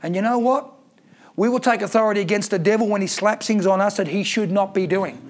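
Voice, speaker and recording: A man's voice: sits high, fairly quick. A man preaching a sermon, emphatic and repeating key lines for effect.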